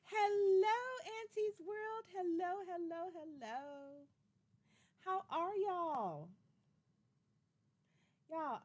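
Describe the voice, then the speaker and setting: A woman, hosting a casual livestream and chatting playfully with viewers she greets by name. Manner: greets viewers by name with excited high calls; chatty and playful, drawls y'all. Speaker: livestream host.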